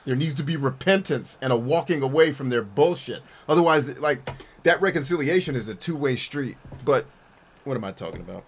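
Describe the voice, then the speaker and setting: A man's voice: mid-range voice, expressive, a little fast, a little hiss or hum. A man streaming a game and answering his chat in a blunt, profane, rambling way, often restarting his sentences. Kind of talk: casual chat while gaming.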